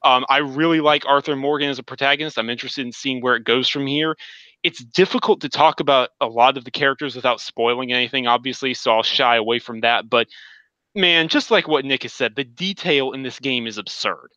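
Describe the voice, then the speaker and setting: A man with a bright, forward voice chats eagerly on a gaming podcast, recounting a story in animated detail. The sound is dry and a little dull, like online call audio. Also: mid-range voice, a little fast, no echo. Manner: enthusiastic, animated storytelling with acted quotes. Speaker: podcast co-host. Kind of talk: casual gaming podcast chat.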